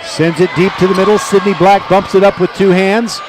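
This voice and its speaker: A man announcing a high school volleyball match play by play from a courtside table, chatty and quick to correct himself. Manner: excited, self-correcting, chatty. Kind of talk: live sports commentary. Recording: noisy gym with crowd. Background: crowd and ball bounces.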